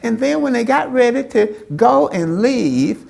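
A woman's voice: a little high, expressive, measured pace, gravelly, warm tone. A woman preaching in church, prompting the congregation to answer back and repeating phrases for emphasis. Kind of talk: call-and-response sermon.

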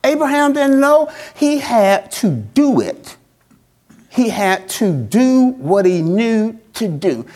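A man's voice: high-pitched, very animated, slow, darkish tone. A man preaching a sermon as pastor, in a colloquial, folksy style, repeating phrases in a call-and-response cadence.

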